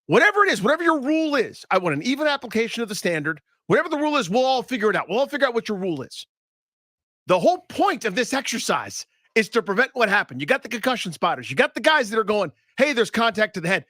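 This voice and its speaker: A man's voice: sits high, very animated, quick pace, bright, forceful tone, no room sound, studio quality. A man co-hosting sports talk radio, ranting in a heated, mock-dramatic way.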